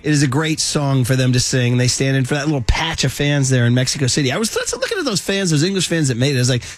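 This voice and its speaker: A man hosting sports talk radio, casual and animated, full of slang, his voice jumping up when he gets worked up. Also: medium pitch, fast, no room sound, faint music behind.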